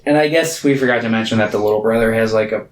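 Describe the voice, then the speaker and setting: A man's voice: fairly low pitch, rapid-fire, reverberant, low-quality recording. A man co-hosting a podcast, recapping a movie in a rambling, laid-back chat. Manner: rambling, laid-back, lots of filler words. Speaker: podcast co-host.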